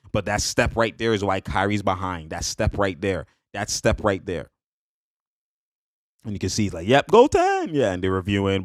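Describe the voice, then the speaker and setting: A man reacting to basketball highlights in a hyped, slangy way, laughing often and repeating catchphrases. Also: dry recording, studio quality. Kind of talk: excited casual highlight reaction.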